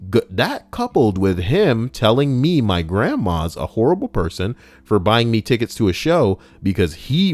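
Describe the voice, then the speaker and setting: Low-voiced guy reading a countdown list, super animated, sarcastic jokes, quiet music behind. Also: no room sound. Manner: sarcastic, jokey asides. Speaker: host. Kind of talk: casual commentary reading a list. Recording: faint background music.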